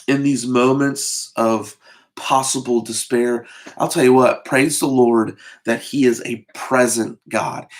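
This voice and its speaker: Casual pastor, halting and conversational. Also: male voice, mid-range voice. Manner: conversational, with many fillers and repeated words. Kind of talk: short devotional sermon.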